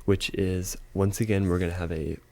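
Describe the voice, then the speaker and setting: A man with a deep voice teaches a casual video lesson. His tone is warm and relaxed, and he works through each point step by step. He pads his talk with easy fillers and says example phrases slowly. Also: gravelly. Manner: explains step by step, repeats phrases slowly, fillers like "you know". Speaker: language teacher.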